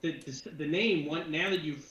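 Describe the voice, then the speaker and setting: A man's voice: fairly high pitch, normal speed, a bit bright. A man narrating as game master for a tabletop game with his players, rambling with many fillers and restarts. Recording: echoey room, dull lo-fi sound, faint noise.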